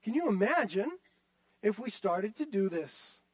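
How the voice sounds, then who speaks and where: A man's voice: sits high, very animated, a little slow, dry recording. A male pastor delivering a sermon, emphatic and repetitive, often turning to the listeners directly.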